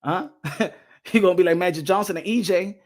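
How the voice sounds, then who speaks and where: An animated man rants casually as host of a boxing channel. He rambles, laughs often, and his pitch swings between low mutters and high bursts. His talk is loose and slangy, with Spanish phrases mixed in. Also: fairly quick.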